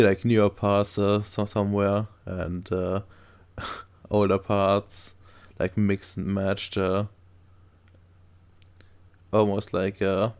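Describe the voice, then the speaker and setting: Gravelly, low-voiced male game master. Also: a little mellow. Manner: halting, searching for words while describing. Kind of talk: narrating a tabletop game online.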